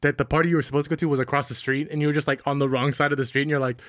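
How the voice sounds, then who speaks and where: A young podcast co-host talks fast in casual chat, animatedly telling stories and acting out quoted dialogue. His voice is on the high side, recorded at studio quality in a small studio with no room sound.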